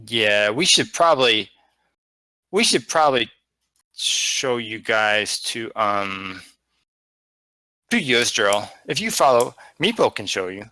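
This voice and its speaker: A man narrating a tabletop game as game master, with a bright, forceful voice and a loose, rambling delivery full of fillers. The sound is dry and close to the mic. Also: fairly low pitch, very animated, slow pace, pauses often, dry recording.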